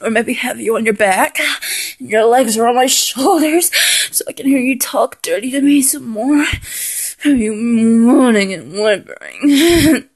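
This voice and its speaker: A woman's voice: on the high side, slow. A woman performing an intimate adult audio role-play in a dominant voice, murmuring, moaning and half-whispering close to the mic. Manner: dominant, breathy murmuring with frequent moans and half-whispered lines.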